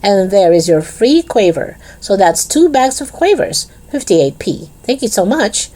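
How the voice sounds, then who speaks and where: A woman's voice: mid-range voice, sing-song, unhurried, dark tone, pitched above the performer's own voice. Brief: a woman playing a delighted storybook shopkeeper man pushing a special offer. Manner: delighted, salesy. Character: cheerful shopkeeper man, warm, salesy.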